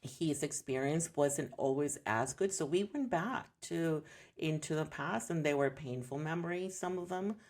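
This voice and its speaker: A low voice at a moderate pace comes from a woman in her thirties who homeschools her children. As a podcast guest giving a candid interview, she's sincere and reflective, growing animated when quoting others.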